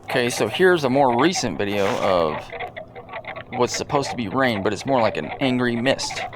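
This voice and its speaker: A man hosting a video and commenting casually over clips in a deadpan, rambling, joking way. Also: medium pitch, moderate pace, noisy background. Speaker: video host.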